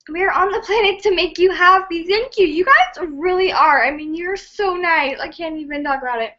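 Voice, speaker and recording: Very high-pitched excitable young woman. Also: dull audio. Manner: excitable and scattered, giggly, quick to apologize. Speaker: livestream host reading viewer comments. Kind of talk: casual live-stream chat.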